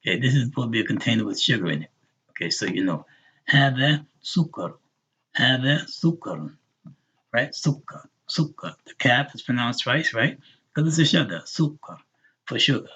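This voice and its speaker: Male teacher, husky voice, mid pitch, patient and repetitive, dull lo-fi class recording. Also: lively intonation, bright, forceful tone. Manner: patient, repeats words slowly for learners. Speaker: Arabic teacher. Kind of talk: online class lesson.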